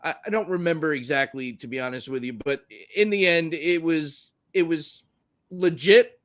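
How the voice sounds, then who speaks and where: A man with a slightly high, somewhat bright voice talks at normal speed while co-hosting a wrestling podcast. In casual chat he recaps matches in a rambling, profane way, full of fillers.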